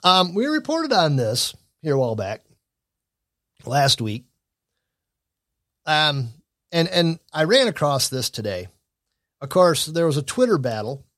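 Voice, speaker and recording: A man, fairly high for a man, talking through the news and politics in a blunt, opinionated way. He rambles and restarts his sentences. The sound is dry and close, with no room in it. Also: wildly swooping pitch, measured pace, long pauses, a bit bright, no echo. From Michigan. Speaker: commentary show host. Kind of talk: casual news and political commentary.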